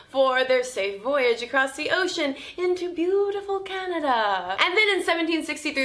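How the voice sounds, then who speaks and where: A woman's voice: high-pitched, pushed and bright. A woman hosting a comedic vlog, telling history with playful, sarcastic asides. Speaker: video host.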